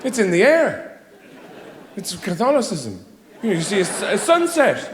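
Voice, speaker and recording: A man with an Irish accent, performing stand-up in a rambling, sardonic way. His voice sits high and swings wildly in pitch, and the sound is roomy with a faint hiss behind it. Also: very animated, moderate pace, crowd noise. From Ireland. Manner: rambling, sardonic, mock-exasperated asides. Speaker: stand-up comedian. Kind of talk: stand-up routine. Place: theater stage.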